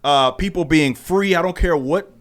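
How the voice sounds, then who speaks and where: A man's voice: fairly high pitch, normal speed, fairly bright tone. A man who is a guest on a political talk show, speaking bluntly and emphatically with frequent restarts.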